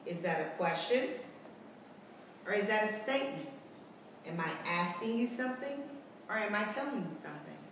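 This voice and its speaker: A woman teaching kindergarten, explaining a reading lesson slowly and clearly, often asking questions back. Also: medium pitch, expressive, a bit bright, heavy reverb, far from the mic, slight background noise, low-quality recording. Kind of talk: recorded tutorial lesson for parents and children.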